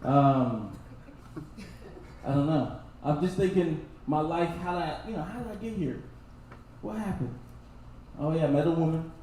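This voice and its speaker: Young stand-up guy from texas, kinda high voice, laughing thru his bits, super echoey room with a little hiss. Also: lively intonation, moderate pace, pauses often. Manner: loose, laughing, swings into loud impressions. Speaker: stand-up comedian. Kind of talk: stand-up comedy set. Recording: very echoey room, faint noise.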